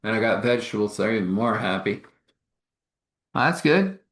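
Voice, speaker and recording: A man's voice: fairly low pitch, fairly even intonation, racing, roomy sound. A man telling a meandering improvised story, with laughs and restarts.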